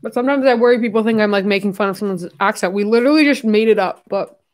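A young woman talks casually on her live stream in a rambling, frank way, swearing and laughing often. She keeps eating as she talks, so her words come through with food in her mouth. Her voice sits at an ordinary middle pitch for a woman. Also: racing. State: eating while talking.

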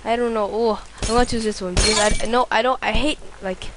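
A woman doing let's play commentary, excitable, swearing a lot and yelling at the game. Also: on the high side, brisk, noisy background. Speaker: gameplay commentator.

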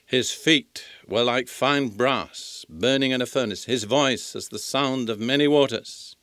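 Older man, Bible teaching, mid-pitched voice, dry close sound, measured emphatic delivery. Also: fairly bright tone, dry recording. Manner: slow, emphatic scripture reading. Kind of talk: sermon.

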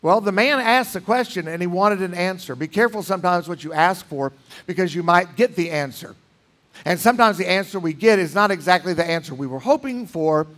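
A pastor preaching in a church, emphatic, with dramatic swings between loud lines and hushed ones. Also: male voice, sits high, animated, brisk. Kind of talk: sermon. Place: church sanctuary.

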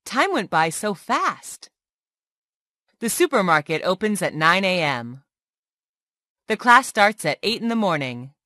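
A woman reading everyday English phrases aloud one by one as a tutor, in a slow, clear and expressive way. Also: medium pitch, no room sound, clean studio sound.

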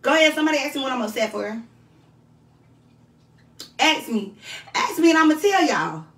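A woman livestreaming, telling her story in a brash, profane, animated way. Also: high-pitched, normal speed, recorded from a distance. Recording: roomy sound from off the mic.

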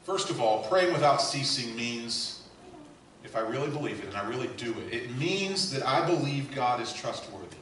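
A male pastor preaching a sermon, swinging between loud emphatic lines and quiet hushed asides. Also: mid-range voice, expressive, normal speed, background noise. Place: church sanctuary. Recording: echoey church hall heard from a distance.

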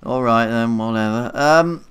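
A young gaming YouTuber gives casual let's-play commentary on his own gameplay, flustered, swearing a lot and mocking himself. His mid-range voice has a fairly bright tone, a measured pace, and a smooth sound.

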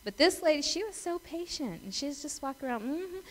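A woman's voice: sits high, lively intonation, fast talker, rough recording. Middle-aged female pastor, conversational sermon, storytelling, acts out voices. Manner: chatty storytelling, asks the congregation questions; acts out voices and laughs in her stories.

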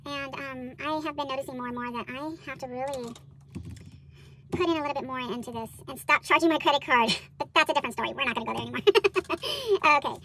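A woman's voice: sits high, fast talker, a little hiss or hum. A woman hosting a budgeting vlog, chatting casually with many fillers while counting out cash. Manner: bubbly excited exclamations.

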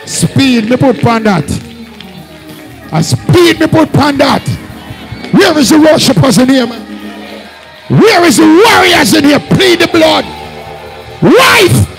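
A Jamaican man leading a fiery Pentecostal service, shouting repeated calls to the congregation. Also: very high voice, big pitch swings, takes it slowly, vocal fry, long pauses, faint music behind, rough recording. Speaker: apostle leading a church service. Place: church hall during a live service.

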